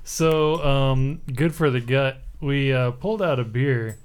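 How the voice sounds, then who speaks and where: A man's voice: medium pitch, takes it slowly, clear, resonant tone. A man hosting a casual podcast chat about beer, rambling with many fillers and restarts. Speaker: podcast host.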